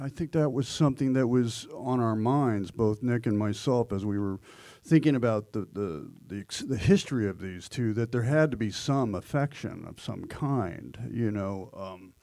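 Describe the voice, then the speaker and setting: A man and actor answering questions at a live Q&A, telling animated stories and slipping into voices and quotes. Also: medium pitch, unhurried, no echo. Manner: animated storyteller who slips into voices and quotes. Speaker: actor and guest. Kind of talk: live Q&A discussion.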